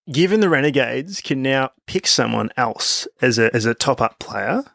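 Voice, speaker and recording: A man's voice: medium pitch, creaky, a bit bright, no echo, studio quality. A man, co-hosting a podcast, rambling through his questions in casual banter. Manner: rambling, restarts, quick agreement. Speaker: podcast co-host.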